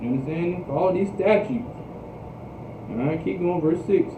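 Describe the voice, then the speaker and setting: This preacher's voice sits high and moves a little slowly as he teaches scripture, going over things repeatedly and asking "you understand?" while his class responds. The sound comes from a distance through an echoey, noisy, phone-like livestream.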